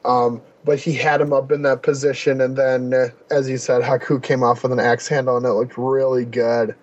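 A man's voice: mid-range voice, flat delivery, normal speed, dull audio. A man co-hosting a casual podcast chat about wrestling, enthusiastic and rambling with fillers. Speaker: podcast co-host.

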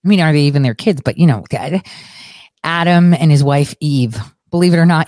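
A young woman with a somewhat low voice rants about politics, profane and sarcastic, swinging between loud outbursts and muttered asides. The sound is dry and close, with no room around it. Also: normal speed, no room sound. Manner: profane, sarcastic, animated rant. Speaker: political commentator. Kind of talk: ranting commentary.

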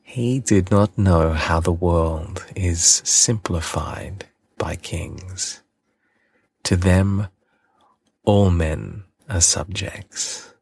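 A man reading a classic storybook aloud in a gentle, deliberate way. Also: sits low, vocal fry, breathy edge, dry recording. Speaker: audiobook reader.

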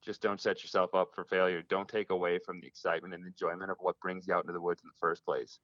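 Deep-voiced man on a muffled line. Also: little pitch movement, fast talker, a bit bright, no echo. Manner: earnest, reflective, frequent restarts. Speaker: hunting guest. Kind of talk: casual interview talk. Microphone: phone call.

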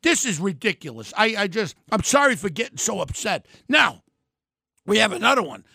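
An older man delivering a fiery political rant, yelling and name-calling. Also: sits high, big pitch swings, normal speed, vocal fry, no room sound, clean studio sound. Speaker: political commentator.

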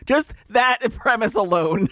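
A woman with a bright, sharp tone and a slow, drawn-out delivery, her pitch bouncing widely. She reacts with giggles and over-the-top disbelief in a casual podcast chat, and her voice sounds dry and close. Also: lively intonation, no room sound. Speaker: podcast co-host. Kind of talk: casual movie-discussion chat.

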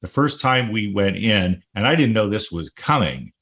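A man's voice: lowish voice, animated, normal speed, a bit bright. A man hosting a travel talk show, recalling his own trip in a reflective, enthusiastic way with wordy phrasing. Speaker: host. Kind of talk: casual interview chat.

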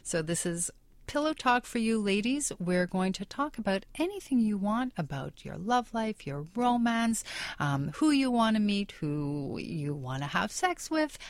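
A woman's voice: fairly high pitch, sing-song, moderate pace, no echo. A woman hosting a radio show, chatting in a bubbly, enthusiastic way about local events. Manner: bubbly and enthusiastic, laughs often. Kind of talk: casual radio chat. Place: radio studio.

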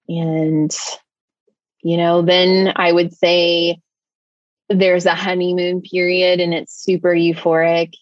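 A woman telling a personal story in conversation, rushing along with many fillers. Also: low-pitched, no room sound, highs cut off. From United States. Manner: tumbling, filler-heavy storytelling with many likes. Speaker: interview guest.

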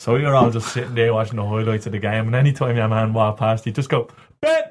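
A man's voice: fairly low pitch, fairly even intonation, fast talker, a little hiss or hum. A man on a podcast telling a funny story, swearing and laughing through it in casual banter. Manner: laughing anecdote teller, swears. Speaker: podcast co-host.

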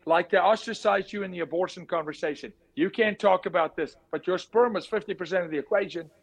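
A man speaking as an interview guest, forceful and emphatic, repeating his key words. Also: high-pitched, a little fast, rough recording. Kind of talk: impassioned interview talk.

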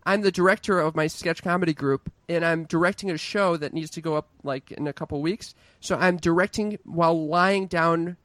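A man's voice: a little high, fairly even intonation, moderate pace, few pauses, fairly bright tone, no room sound. A young man telling his mother a personal story in a casual, frank and self-mocking way. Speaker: storyteller, son of the host.

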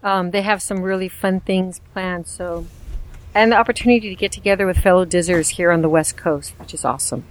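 A woman co-hosting a casual podcast, speaking in a relaxed, conversational way. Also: lowish voice, a little fast. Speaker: podcast co-host.

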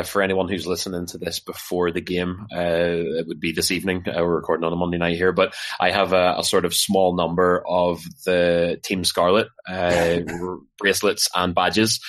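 Man, very low voice, hesitant chatty delivery, dry sound. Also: dry recording. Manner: chatty, hesitant, full of fillers. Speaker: podcast co-host. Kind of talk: casual sports podcast chat.

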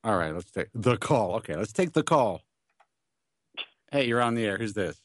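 A man hosting a radio call-in show, telling stories in a lively, stammering way. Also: fairly low pitch, moderate pace, no echo, clean studio sound. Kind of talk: casual banter.

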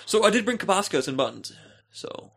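A man's voice: sits high, very animated, fast talker, vocal fry, a bit bright. A young man co-hosting a casual podcast chat, playful and teasing. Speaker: podcast co-host.

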